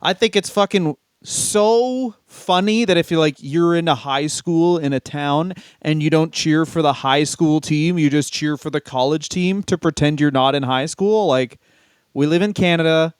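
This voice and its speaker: A man's voice: a little high, moderate pace, smooth, dry recording, clean studio sound. A man co-hosting a comedy podcast in casual chat, joking, swearing and laughing often.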